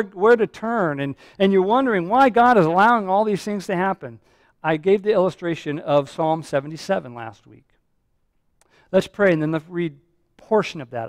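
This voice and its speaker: A man's voice: sits high, no room sound, clean studio sound. A man preaching a sermon as pastor, earnest and repetitive, often restarting his phrases.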